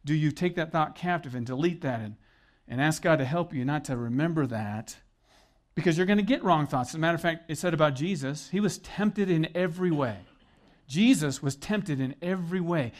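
Slightly high-voiced middle-aged male pastor. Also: lively intonation, moderate pace. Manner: conversational, earnest, with joking asides. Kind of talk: sermon.

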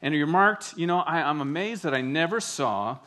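A man preaching a sermon, telling stories with lively, animated delivery and acted-out quotes. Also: a little high, moderate pace. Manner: animated storytelling, acts out quotes. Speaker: pastor.

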